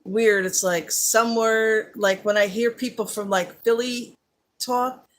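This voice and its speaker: A woman's voice: fairly high pitch, fairly even intonation, measured pace. A woman with a Central New Jersey accent, hosting a casual live chat with viewers, chatty and laughing often, with many fillers. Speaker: live-stream host.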